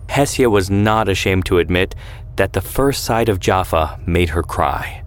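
A man giving measured, scripted narration of a historical story. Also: low-pitched, expressive. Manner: measured, descriptive.

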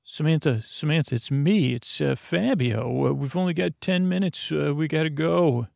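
A man voicing an eager young male rescuer who urges someone along in a quick, breathless way. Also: on the high side, gravelly, darkish tone, no room sound, studio quality, voice pushed up. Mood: urgent.

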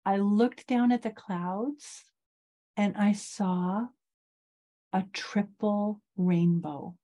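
A middle-aged woman, a guest in an interview, slowly and reflectively telling a personal story of loss. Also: mid-range voice, dark tone.

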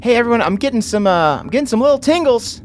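Playful woman player, very lively pitch. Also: quick pace, slight background noise. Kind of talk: playing a tabletop game.

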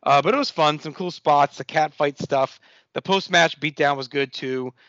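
A man's voice: on the high side, moderate pace, a bit bright, no echo, highs cut off. A man co-hosting a podcast, casually recapping wrestling shows and swearing freely. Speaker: podcast co-host.

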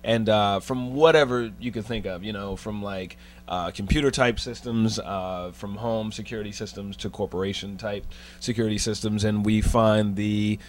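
Low-voiced man, relaxed guest talk. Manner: relaxed, halting, many fillers. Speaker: actor guest. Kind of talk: casual podcast chat. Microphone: studio podcast mic.

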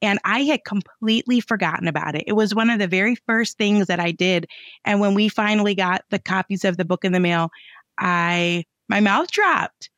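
A woman with a Midwestern accent, a guest author chatting in an interview, bubbly and animated. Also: mid-range voice, moderate pace, no echo. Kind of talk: casual interview chat.

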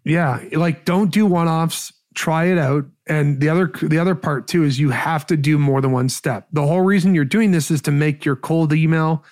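A man's voice: fairly high pitch, normal speed, hardly any pauses. Upbeat man giving sales tips. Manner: energetic, rambling with restarts. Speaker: podcast guest, sales expert. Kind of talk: casual advice talk.

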